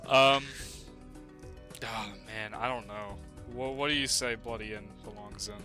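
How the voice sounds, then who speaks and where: A man's voice: on the low side, fairly even intonation, unhurried, bright, forceful tone, faint music behind. A young man co-hosting a casual chat, rambling loosely and laughing easily. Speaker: co-host.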